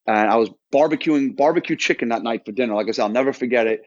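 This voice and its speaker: A man's voice: mid-range voice, fast, no room sound, dull audio. A man in his thirties from Florida, a podcast guest telling his story in a casual, rambling way full of restarts and quoted dialogue. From Florida, United States.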